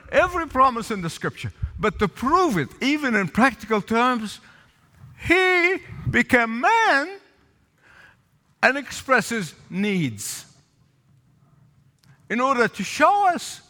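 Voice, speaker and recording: Animated pastor preaching in a reverberant hall. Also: male voice, very high-pitched. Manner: calls for audience responses, repeats lines for emphasis. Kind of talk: sermon. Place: church sanctuary with balcony.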